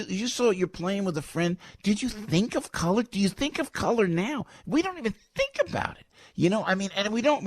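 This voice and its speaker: Animated rambling New radio host man. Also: on the high side, dry recording. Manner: animated, rambling, jokey with many restarts. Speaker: radio talk show host. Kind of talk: casual radio talk.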